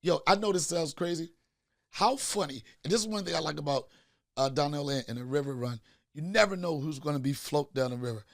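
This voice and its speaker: A man hosting a comedy podcast, joking loudly and repeating lines for laughs. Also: a little high, brisk, creaky, dry recording, clean studio sound. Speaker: podcast host. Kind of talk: casual comedic chat.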